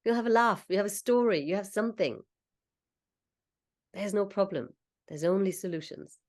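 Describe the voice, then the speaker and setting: A woman coach leading a slow, soothing guided visualization, talking the listener through each step. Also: mid-range voice, a little mellow. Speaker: confidence coach.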